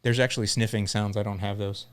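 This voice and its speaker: A man's voice: fairly low pitch, steady tone, fast, smooth. A middle-aged man hosting a lawn care podcast, telling a story in a casual, joking way.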